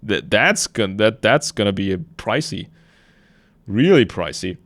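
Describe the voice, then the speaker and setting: A man's voice: lowish voice, animated, unhurried, a bit bright, no room sound. A man hosting a podcast, casually retelling a debate and commenting on it. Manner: conversational, retells a debate with quotes and asides. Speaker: podcast host.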